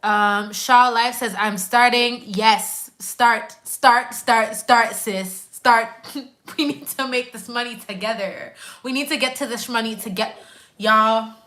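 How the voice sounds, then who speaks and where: A woman from Quebec hosts a casual live chat and answers her viewers' comments. Her voice is bright and a little high. She talks in a hyped, slangy way and repeats words for emphasis. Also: steady tone, measured pace. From Quebec, Canada. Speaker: nurse and YouTuber hosting a live chat.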